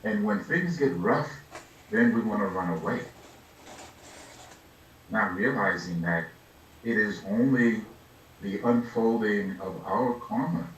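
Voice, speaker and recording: An older man, a Buddhist lama, giving an unhurried, reflective dharma talk, laughing softly and acting out little scenes as he teaches. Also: lowish voice, a little hiss or hum. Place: meditation hall. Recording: echoey room, distant mic, faint ambience.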